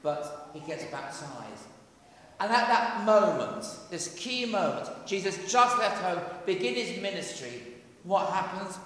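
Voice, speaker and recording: A man, a vicar giving a conversational, animated sermon with jokey asides in a church. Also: sits high, unhurried. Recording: echoey church hall, faint ambience.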